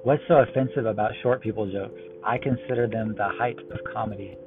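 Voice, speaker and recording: A man reading a run of one-liner jokes in a deadpan way. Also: on the low side, brisk. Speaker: joke teller. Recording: tinny phone-like line with music behind. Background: music.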